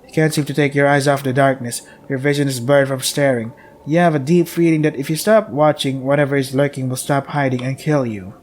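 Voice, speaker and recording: A man's voice: mid-range voice, a little mellow, a little hiss or hum. A man streaming a visual novel, reading its text aloud steadily and breaking off for dry asides. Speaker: game streamer.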